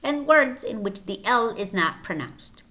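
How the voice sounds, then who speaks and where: A woman teaching English pronunciation, saying each example word slowly and clearly, often twice. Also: fairly high pitch, lively intonation, bright, forceful tone. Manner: slow, deliberate, repeating each word twice. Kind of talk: phonetics lesson with word drills.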